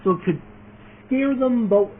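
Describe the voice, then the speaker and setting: A man's voice: very high voice, a little slow, husky. A man talking casually in a vlog, rambling through his plans with lots of fillers and restarts, eagerly adding one more point after another. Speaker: video creator announcing his fan series. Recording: tinny phone-like sound, faint noise.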